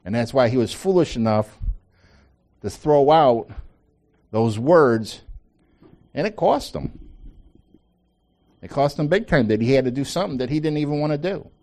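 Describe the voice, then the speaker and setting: Man, Bible study leader, informal teaching, repeats himself for emphasis, mid-pitched voice. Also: expressive, normal speed, pauses often, a little mellow. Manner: conversational, repeats phrases for emphasis, asks the group questions.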